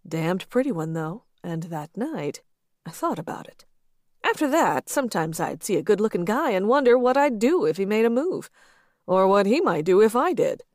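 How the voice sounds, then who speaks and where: A woman's voice: medium pitch, very animated, moderate pace, darkish tone, dry recording, clean studio sound, lightly acted. Woman voicing a bold, coaxing married man.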